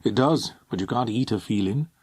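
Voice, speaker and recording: A man reading aloud, voicing a sharp-tongued Welsh teenage boy who talks in a teasing, sardonic way. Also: on the low side, normal speed, husky, no room sound. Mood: blunt.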